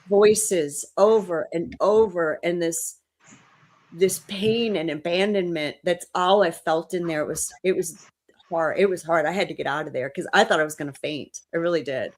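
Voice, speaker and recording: Woman co-host, lower voice, casual and chatty, emotional storyteller. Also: unhurried. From New Orleans. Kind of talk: casual chat.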